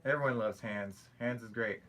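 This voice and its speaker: A man's voice: mid-range voice, moderate pace, a little hiss or hum. A young man with a Canadian accent, hosting a casual livestream and chatting, joking and reading comments aloud. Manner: chatty, joking, animated when telling stories. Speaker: livestream host.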